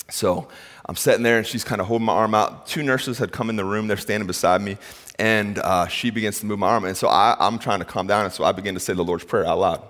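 A man's voice: lowish voice, fast. A man in his thirties, a pastor, telling a funny personal story in a sermon and acting out the people in it. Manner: animated, self-mocking storyteller who acts out quotes. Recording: long hall reverb.

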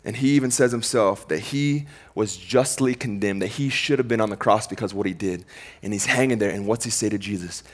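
This sermon comes from a male pastor with a lowish voice. He alternates forceful, raised declarations with quiet, slowed moments, all in a relaxed, conversational style.

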